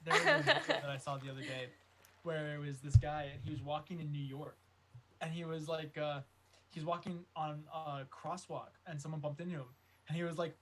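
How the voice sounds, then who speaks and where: A man's voice: fairly high pitch, brisk, sharp tone, poor audio. A man co-hosting a casual podcast, telling stories with animation. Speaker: podcast co-host. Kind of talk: casual chat.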